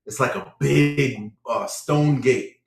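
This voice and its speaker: A man in a casual livestream chat, telling a story in an animated way and often checking in with "right?". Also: medium pitch, slow, vocal fry. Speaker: livestream participant. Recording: echoey room.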